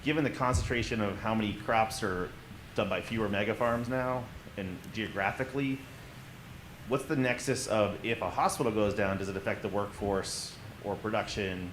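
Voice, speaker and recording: A man's voice: lowish voice, normal speed, a bit bright. A man in the audience asking a long, multi-part question at a conference panel. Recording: echoey room with audible hiss.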